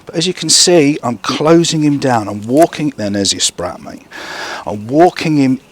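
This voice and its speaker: A man's voice: medium pitch, lively intonation, moderate pace. A man training a young gundog outdoors, explaining to camera between short bursts of praise and commands to the dog.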